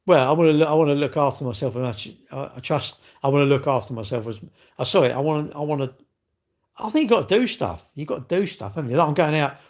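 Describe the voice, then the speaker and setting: A middle-aged man hosts a live stream, reading out viewer comments and chatting in a rambling, jokey, self-mocking way. His voice is a little high and slightly mellow, with lively intonation and a fast pace.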